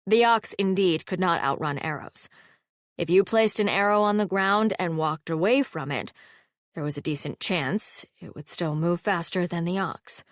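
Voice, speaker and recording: A woman's voice: lowish voice, moderate pace, no echo, studio quality. Woman narrating a cozy fantasy audiobook. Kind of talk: scripted narration.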